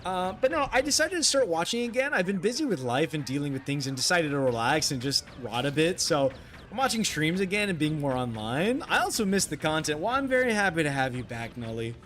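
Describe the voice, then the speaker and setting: A man's voice: fairly high pitch, sing-song, a little fast, a bit bright, slight background noise. A man streaming live, chatting casually with his viewers and reading their messages aloud. He rambles with many fillers, apologizes often and swears offhandedly. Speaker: livestreamer.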